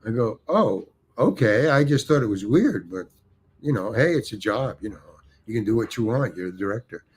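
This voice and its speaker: A man's voice: on the low side, lively intonation, normal speed, a little hiss or hum. An older man, a guest actor, telling rambling anecdotes with restarts and acted-out quotes. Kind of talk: anecdotal storytelling.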